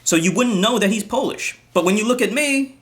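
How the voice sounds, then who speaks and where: A man's voice: high-pitched, expressive, fairly quick, a bit bright. A man delivering a ranting commentary vlog in an indignant, profane tone, often restarting his sentences. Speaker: commentary vlogger.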